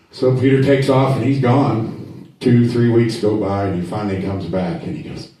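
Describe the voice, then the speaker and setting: A man's voice: fairly low pitch, normal speed, few pauses, dark tone. Echoey man telling jokes on stage. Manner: drawling storyteller, acts out characters in dialogue. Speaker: stand-up comedian. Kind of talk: stand-up joke telling. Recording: echoey room, mic heard from a distance.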